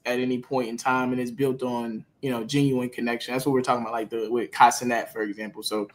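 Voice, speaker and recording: A man's voice: medium pitch, flat delivery, fast. A man speaking as a podcast guest, laid-back and reflective, laughing easily. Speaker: guest, media company co-founder. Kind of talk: casual podcast conversation.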